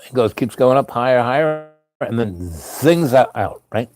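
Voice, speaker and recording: A man's voice: mid-range voice, normal speed, a little mellow, dry recording. A man telling a rambling personal anecdote in a chatty way, full of asides. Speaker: storyteller. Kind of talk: casual spoken anecdote.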